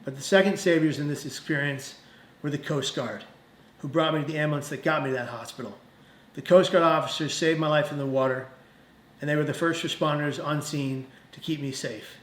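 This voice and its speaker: A man's voice: a little high, a bit bright. Earnest man telling his story, echoey. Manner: earnest, emphatic storytelling with dramatic pauses. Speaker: mental health speaker. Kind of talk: personal testimony presentation.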